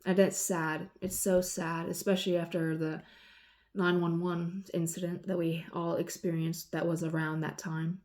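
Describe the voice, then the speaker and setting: A woman in her forties ranting casually, rambling and swearing, losing her train of thought and swinging between loud exasperation and low muttering. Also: level tone, moderate pace. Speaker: vlogger. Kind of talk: casual rant.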